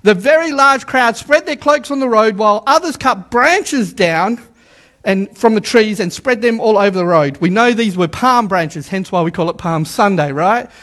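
A man preaching a sermon to a live congregation, animated, repeating words for emphasis and calling on the listeners to say lines back. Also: high voice, normal speed. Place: church service with a live congregation.

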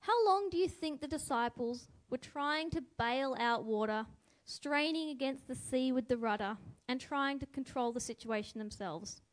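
A woman with a voice that sits high speaks at normal speed in a reflective devotional. Musing as she goes, she asks listeners questions and uses a lively voice for quotes.

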